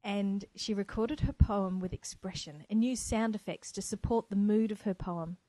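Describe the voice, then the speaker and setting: A woman's voice: medium pitch, fairly even intonation, moderate pace, dark tone, no room sound, rough recording. A woman teacher from New Zealand hosting her own podcast, speaking earnestly and with enthusiasm. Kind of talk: solo educational podcast. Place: home, by a window. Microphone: microphone.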